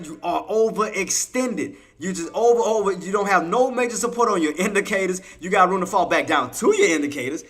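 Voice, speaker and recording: Guy on a live trading stream, bright voice, keeps repeating himself and asking chat questions, very casual. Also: high-pitched, brisk, hardly any pauses. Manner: animated, preachy, repeats himself, quizzes chat; casual colloquial speech, talks to chat as y'all. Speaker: trading livestream host. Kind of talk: live intraday trading commentary.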